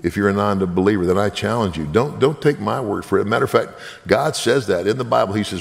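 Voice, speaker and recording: Gravelly deep-voiced man preaching. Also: lively intonation, quick pace, big-room sound. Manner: earnest, preaching, direct appeals to listeners. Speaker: minister. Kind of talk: sermon testimony.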